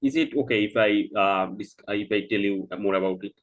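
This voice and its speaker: A man playing a doctor in a mock consultation, explaining slowly and haltingly with many filler sounds, and checking that the patient understands. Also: on the low side, steady tone, rough recording. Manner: checks understanding with "Do you get me?".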